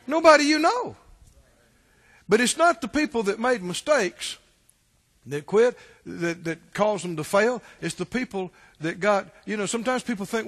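A man's voice: high-pitched, very animated, normal speed, a bit bright, big-room sound. A man preaching a sermon as a pastor, emphatic and repetitive, firing rhetorical questions at his listeners.

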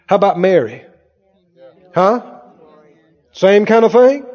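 A man preaching a sermon as pastor, animated and quizzing his congregation with questions as he goes. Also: high-pitched, takes it slowly. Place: church sanctuary. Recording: dull sound with long hall reverb.

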